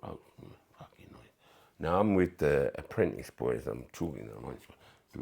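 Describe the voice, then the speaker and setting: A former footballer recounting his playing days in a casual interview, animated and full of swearing, often acting out what others said. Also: a bass voice, normal speed, vocal fry, slightly rough. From England. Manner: animated, swearing, acts out quoted voices. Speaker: former footballer, podcast guest.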